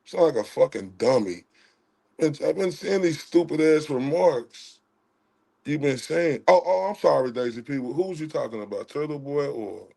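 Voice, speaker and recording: Gravelly guy ranting on his stream, cussing a lot, heated then quiet. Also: on the high side, expressive, normal speed. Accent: Southern US. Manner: profane, heated, swings between loud outrage and quiet apology. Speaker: livestream host. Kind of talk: heated livestream rant.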